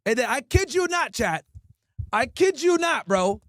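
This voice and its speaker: Animated, high-pitched storytelling man. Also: unhurried, no echo, studio quality. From Connecticut, USA. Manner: animated, crude, laughing storyteller. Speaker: livestreamer. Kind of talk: casual storytelling to chat.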